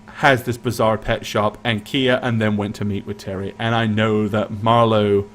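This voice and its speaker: A man's voice: fairly low pitch, little pitch movement, moderate pace, fairly bright tone, a little hiss or hum. A man co-hosting a casual recap of a tabletop game stream, who rambles and restarts his sentences as he talks. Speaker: game master and co-host.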